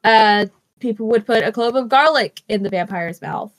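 A woman's voice: fairly high pitch, moderate pace, no echo. Chatty, giggly woman podcast host. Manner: chatty, giggly, lots of fillers and restarts. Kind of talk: casual podcast chat.

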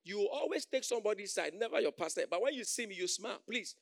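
A man preaching a sermon as pastor, calling for amens, acting out quoted voices and swinging between loud calls and soft asides. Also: sits high, expressive, fast talker, vocal fry, dry recording, studio quality.

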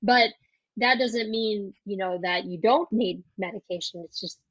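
A woman's voice: medium pitch, unhurried, dry recording, dull audio. A woman from South Dakota with an Upper Midwest accent, a pharmacist guest chatting casually in an interview and laughing often. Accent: Upper Midwest, Minnesotan.

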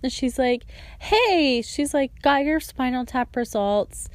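A woman's voice: high-pitched, animated, takes it slowly, no room sound. Earnest young woman telling her story. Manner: earnest and emotional, with frequent "like" and "and so". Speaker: storyteller sharing a personal testimony. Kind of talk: personal testimony, casual storytelling.

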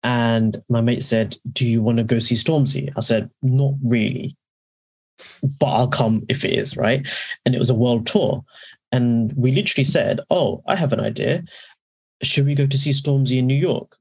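A man's voice: mid-range voice, normal speed, gravelly, a little mellow, breathy edge. A man co-hosting a podcast, telling long rambling stories in casual chat and often correcting himself. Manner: rambling, anecdotal, with self-corrections. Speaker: podcast co-host.

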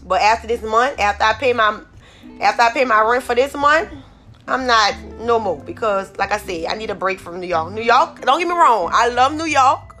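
A woman's voice: fairly high pitch, animated, normal speed, a bit bright, soft background music. A woman from New Orleans with a Southern accent, hosting a solo podcast on her phone, ranting irritably with lots of swearing and repeated "like I said.". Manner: profane, irritated, rambling, repeats "like I said". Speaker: podcast host.

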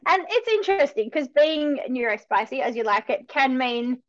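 An upbeat, energetic woman, a dog trainer speaking as a podcast guest. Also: high voice, normal speed. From Australia. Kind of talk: podcast interview. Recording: dull, muffled sound.

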